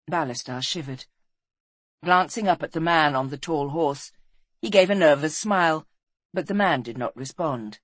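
Steady audiobook narrator, fantasy story, dry close mic, mid pitch. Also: normal speed, dry recording. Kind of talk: scripted narration.

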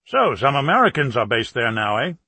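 A man reading an audiobook, voicing a patient male Russian spy putting on a British working-class accent, calm and probing. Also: mid-range voice, fairly quick, breathy edge, dry recording, heavily acted.

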